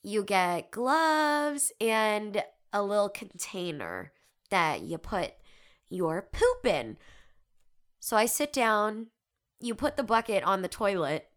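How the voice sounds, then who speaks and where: A woman in her twenties hosts a podcast, sharing candid, self-deprecating stories in casual conversation and giggling often. Her mid-range voice swings widely in pitch and moves slowly.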